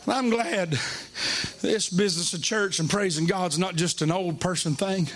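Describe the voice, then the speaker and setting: A man's voice: high voice, moderate pace, a crowd in the background. A middle-aged man with a Southern US accent preaching a sermon, telling a folksy story with humor and rising to fervent, emotional delivery. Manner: emotional, rising to shouting fervor.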